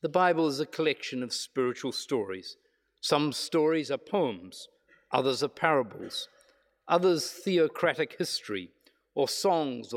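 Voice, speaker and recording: A man preaching a reflective sermon, measured, slowing down for emphasis. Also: medium pitch. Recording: long hall reverb.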